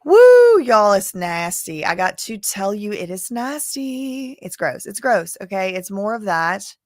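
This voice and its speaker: A woman's voice: mid-range voice, unhurried, dry recording, studio quality. A woman from Louisiana hosting a live stream about court cases, chatting and rambling as she talks straight to her viewers. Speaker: livestream host covering court cases. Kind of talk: casual live-stream commentary.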